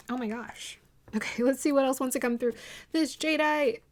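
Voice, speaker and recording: A woman with a slightly high voice talks casually through a tarot reading. She rambles loosely, restarts her sentences and laughs at her own sense of drama. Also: normal speed. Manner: restarts sentences often, many fillers. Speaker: tarot reader.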